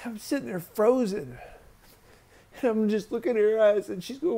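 A man recounting a painful personal memory in a slow, halting, hushed way, as raw spoken testimony. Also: high-pitched, gravelly. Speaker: survivor sharing a personal story.

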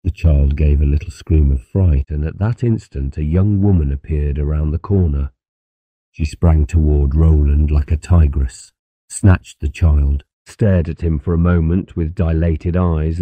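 A man narrating a novel as an audiobook in a steady, measured reading. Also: a bass voice, dry recording, phone-quality sound. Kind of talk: scripted narration.

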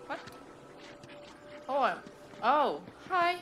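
A woman streamer narrating a game she plays for the first time, fretting out loud and cursing at it. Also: high voice, very animated, extremely slow, noisy background. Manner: swears often and frets loudly at the game. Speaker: gaming streamer. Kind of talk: blind let's play commentary. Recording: loud game music behind voice.

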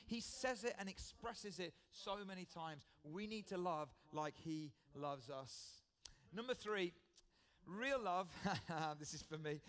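A man's voice: high voice, unhurried, a bit bright. A British man preaching a sermon in church, earnest and conversational, often repeating his key phrases.

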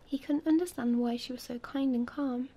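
A woman reading a children's book aloud as a soothing, soft-spoken whispered role-play for sleep. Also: high voice, fairly even intonation, normal speed. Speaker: storyteller.

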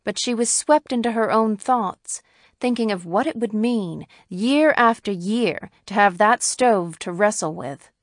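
A woman's voice: medium pitch, measured pace, no room sound, studio quality. Woman narrating a classic short story. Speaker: audiobook narrator.

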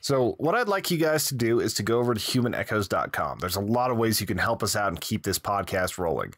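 A man's voice: on the low side, very animated, fast talker, a bit bright, no room sound, clean studio sound. A man hosting a podcast, easygoing in casual chat and plugging the show, laughing often. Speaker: podcast host.

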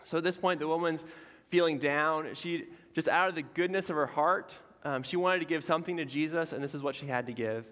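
A man's voice: a little high, a little fast, a bit bright. Casual preaching man in a reverberant hall. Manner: conversational, casual asides with fillers. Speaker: pastor. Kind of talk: sermon. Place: church sanctuary.

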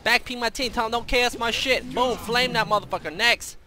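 A man's voice: extremely high pitch, fairly quick, bright, forceful tone. A young man giving brash, profane, boastful commentary over his own gameplay. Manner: brash, profane, trash-talking. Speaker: streamer. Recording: faint background noise.

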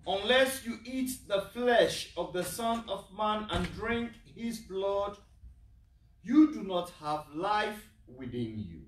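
High, lilting priest chanting scripture. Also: male voice. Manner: drawn-out, lilting, raised delivery. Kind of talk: slow, sung-out gospel proclamation. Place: chapel of a medical center. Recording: echoey chapel, mic far off.

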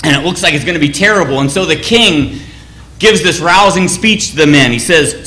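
A man's voice: a little high, lively intonation, normal speed, bright, forceful tone, echoey room. A man giving a sermon in a conversational, anecdotal way, often restarting his phrases. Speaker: church speaker.

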